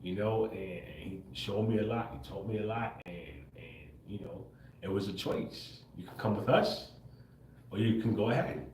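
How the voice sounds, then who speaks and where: Talking at a normal pace in a lowish, slightly mellow voice, a male livestream host chats straight to his viewers. His casual monologue is full of laughter, easy swearing, and tags like "bro" and "right?". The recording has a little hiss or hum and a roomy echo.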